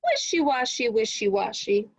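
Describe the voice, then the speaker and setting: A woman's voice: huge pitch swings, moderate pace, no echo, dull audio. A woman voicing a cross, bossy farm woman who scolds muddy animals in a children's storybook read-aloud. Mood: scolding. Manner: shrill and scolding.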